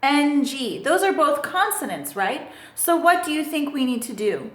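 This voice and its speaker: A woman's voice: high-pitched, sing-song, a little slow. A woman teaching English grammar in a recorded lesson, patiently spelling out letters and asking the listener questions. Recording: echoey room.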